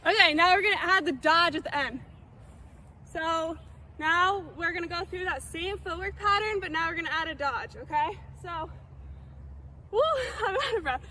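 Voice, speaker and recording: A young woman runs lacrosse drills on an outdoor field, demonstrating on the move and following each step with "okay?" She speaks at a moderate pace in a very high, sharp voice, and the recording has a little hiss or hum.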